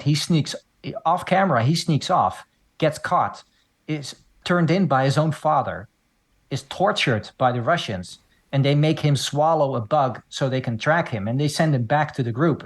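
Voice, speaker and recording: A man hosting a casual film podcast, explaining the plot in long, steady runs. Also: mid-range voice, slightly rough. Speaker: podcast host.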